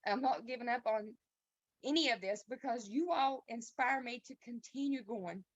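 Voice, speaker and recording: A woman giving a heartfelt, halting testimony on a video call. She is tearful and pauses and restarts often. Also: a little high, dry recording. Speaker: team member sharing a testimony. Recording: dull, dry lo-fi call audio.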